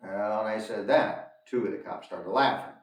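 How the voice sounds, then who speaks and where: A man's voice: lowish voice, normal speed. A man telling a story to his viewers in an emphatic rant, repeating lines for effect and calling them folks. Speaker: commentator on his own channel. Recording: echoey room, distant from mic.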